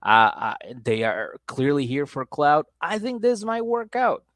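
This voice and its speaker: A man's voice: fairly high pitch, big pitch swings, a little slow, fairly bright tone, no echo. Chatty laughing man on a podcast. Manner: loose and chatty, laughs often, mimics people in raised voices. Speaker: podcast co-host. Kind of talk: casual chat recapping a reality show.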